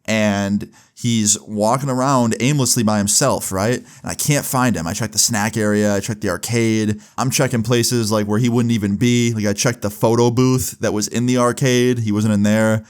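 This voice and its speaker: Young man, low-pitched, rambly storytime vlog delivery. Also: steady tone, moderate pace, hardly any pauses, clean tone. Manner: rambling, lots of "like" and "right?".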